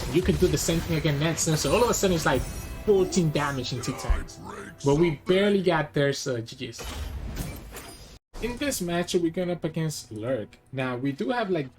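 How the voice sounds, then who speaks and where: A man narrating his own card game matches in real time, talking through every decision out loud. His voice rises and falls a lot, full of lively swings in pitch. Faint music plays softly underneath him. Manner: thinks aloud, weighing each play. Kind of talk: live gameplay commentary.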